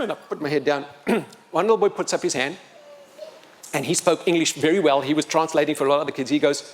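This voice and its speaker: A man's voice: on the high side, sing-song, brisk. A middle-aged man, telling a personal story to a live audience and acting out the dialogue with emotion. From South Africa. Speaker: children's author and speaker.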